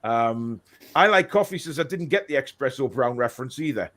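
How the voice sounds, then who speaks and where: A man's voice: medium pitch, animated, brisk, a bit bright. A man with a Geordie accent co-hosting a casual banter show, teasing his co-host and reading out viewer comments. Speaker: podcast co-host.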